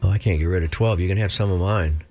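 A man's voice: deep voice, fast, mellow, faint music behind. A man co-hosting a radio show, joking and riffing in casual, mock-boastful banter.

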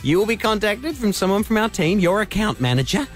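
A man's voice: high-pitched, brisk, faint music behind. A man hosting breakfast radio, upbeat and chatty. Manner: upbeat, animated. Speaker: radio host.

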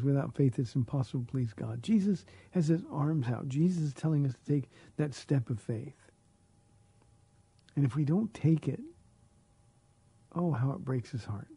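Earnest pastor, husky mellow voice. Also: male voice, on the high side, no echo. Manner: earnest, repeats words while searching for phrasing. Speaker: pastor answering listener questions. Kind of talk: radio call-in Bible Q&A.

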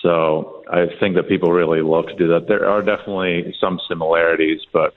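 A young man with an American accent whose first language is Afrikaans, answering questions as a guest athlete in a relaxed, friendly way. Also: low-pitched, a little fast, phone-quality sound. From South Africa.

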